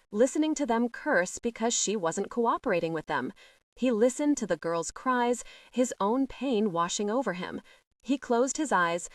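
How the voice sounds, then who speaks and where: Narrator: woman, measured, dry booth, a touch off mic. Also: medium pitch, dry recording, distant mic. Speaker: audiobook narrator. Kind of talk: scripted narration.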